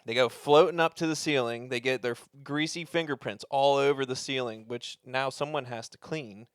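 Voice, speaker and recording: Animated, profane man retelling a movie. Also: medium pitch, moderate pace, clean tone, dry recording, clean studio sound. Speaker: podcast co-host. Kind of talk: casual chat.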